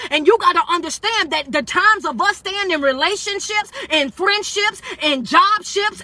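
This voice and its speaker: High bright-voiced woman motivational speaker. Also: dry recording. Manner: emphatic, repetitive preaching with call-and-response. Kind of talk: live-stream motivational talk.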